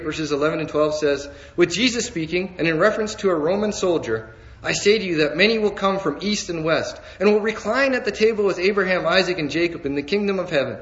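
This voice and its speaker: A man preaching a sermon in a measured, emphatic way, slowing down to stress key phrases. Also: on the high side, a bit bright, dull audio.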